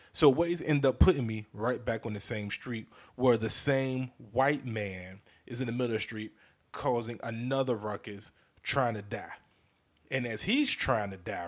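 A man hosting a comedy podcast, telling a story in a casual, animated and profane way, often restarting sentences. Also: on the low side.

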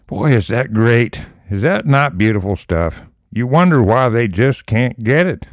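A man leading a Bible study, reading scripture slowly and then breaking into emphatic commentary. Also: mid-range voice, expressive, no room sound, studio quality.

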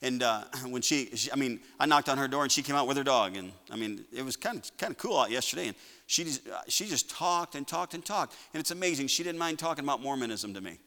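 A man preaching a sermon, building to loud shouts and then dropping to a quiet, conversational tone. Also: medium pitch, expressive, fast talker, long reverb tail. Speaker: pastor.

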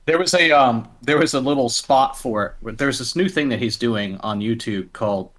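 A man co-hosting a relaxed podcast, chatting eagerly and circling back over his words as he gets excited. His voice sits at an ordinary middle pitch. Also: normal speed. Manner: enthusiastic, rambling with restarts. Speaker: podcast co-host. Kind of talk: casual chat.

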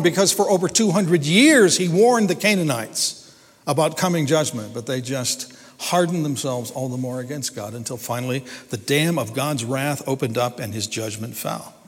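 A man's voice: a little high, moderate pace, slightly rough. Preacher man in an echoing hall. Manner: earnest, repeats and restarts words, emphatic rises. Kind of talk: sermon. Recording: long hall reverb.

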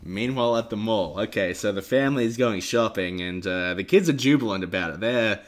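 Man with a lowish voice, dry chat. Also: fairly quick. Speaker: podcast co-host. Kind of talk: casual comedic chat reading a comic.

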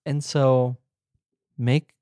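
A man's voice: medium pitch, flat delivery, drawn-out words, warm tone, no echo. A man co-hosting a casual podcast, telling a wry story about a tiring family trip. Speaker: podcast co-host. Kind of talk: casual chat.

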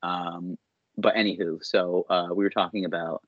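Husky low-voiced man chatting on a podcast. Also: steady tone, normal speed, no room sound, highs cut off. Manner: laughs often, does playful impressions. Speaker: podcast co-host. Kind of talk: casual podcast chat.

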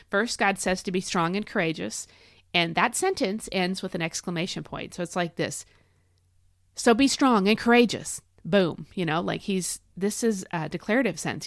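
A woman's voice: fairly low pitch, dry recording, studio quality. A middle-aged woman hosting a devotional podcast, talking with earnest emphasis and reading scripture to her listeners. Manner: earnest, emphatic, lively encouraging delivery. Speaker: podcast host. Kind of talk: devotional podcast talk, reading Bible verses.

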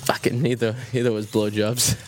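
A man's voice: medium pitch, flat delivery, normal speed, darkish tone, slight background noise. A man with a Boston accent hosting a casual radio talk show, joking and swearing, full of "uh" fillers. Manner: loose, swearing, stumbling with fillers. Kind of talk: casual studio banter. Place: radio studio.

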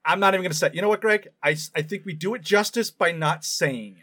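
A man's voice: high-pitched, fast, pushed and bright. A man co-hosting a casual podcast, chatting playfully and laughing often. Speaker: podcast co-host. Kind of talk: casual chat.

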